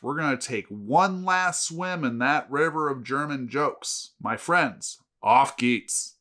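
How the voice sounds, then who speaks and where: A man's voice: fairly high pitch, bright, forceful tone. A man hosting a casual beer review show, telling jokes with dry, self-mocking humor.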